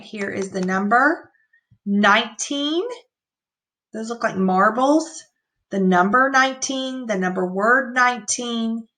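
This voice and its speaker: A woman teacher giving an online reading lesson to young children, reading sentences aloud slowly and patiently. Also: medium pitch, a bit bright. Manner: slow, clear, patient read-aloud.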